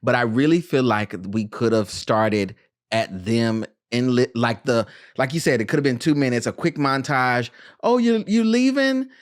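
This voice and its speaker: A podcast host in casual film review chat, animated and joking with quick asides. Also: mid-range voice, no room sound, studio quality.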